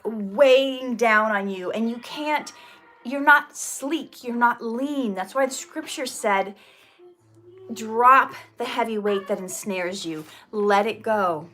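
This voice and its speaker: A middle-aged woman hosting an inspirational talk, reading her poem and turning to viewers with earnest, animated asides. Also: fairly high pitch. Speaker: inspirational video host.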